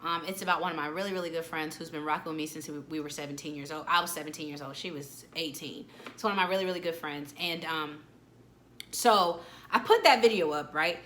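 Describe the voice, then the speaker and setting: Bright-voiced chatty young woman vlogger. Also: deep voice, fast talker, slight background noise. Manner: candid, chatty, addresses viewers directly as "y'all". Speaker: vlogger, motivational talk host. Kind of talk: casual motivational talk to camera.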